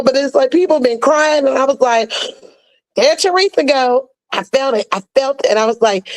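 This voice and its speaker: A woman speaking as a podcast guest in casual, reflective chat, telling stories in an expressive, colloquial way over a video call. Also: sits high, normal speed, dry recording, poor audio.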